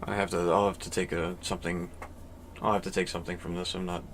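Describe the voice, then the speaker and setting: Deep-voiced male chess player, thinking aloud mid-game, glum and self-critical. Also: flat delivery, fast, a little hiss or hum. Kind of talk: thinking aloud while playing online chess.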